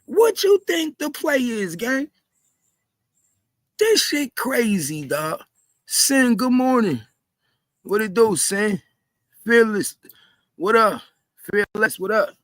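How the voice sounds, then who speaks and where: A man doing heated livestream commentary, repeating himself in disbelief and often shouting. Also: sits high, big pitch swings, takes it slowly, long pauses, no room sound. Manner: repetitive, incredulous, frequently shouting. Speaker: commentary streamer.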